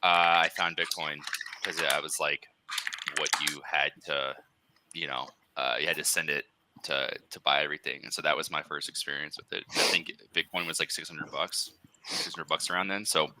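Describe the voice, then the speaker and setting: Deep bright-toned guy telling a rambling story. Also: moderate pace. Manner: rambling, filler-heavy, animated when quoting himself. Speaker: podcast guest. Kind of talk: casual storytelling chat.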